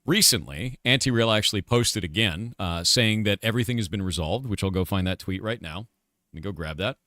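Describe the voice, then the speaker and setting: A middle-aged man on a live stream, venting in a casual rant full of swearing and hard emphasis. His voice sits fairly low yet swings widely up and down, and the sound is close and dry. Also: expressive, a little fast, bright, forceful tone, no echo. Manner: angry, profane, emphatic. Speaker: streamer and game developer.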